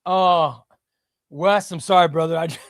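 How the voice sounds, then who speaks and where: A man hosting a live stream, chatting casually and bursting into loud exclamations before dropping to quiet muttering. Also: on the high side, unhurried, dry recording, clean studio sound. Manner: excitable, shouts names then drops to muttering.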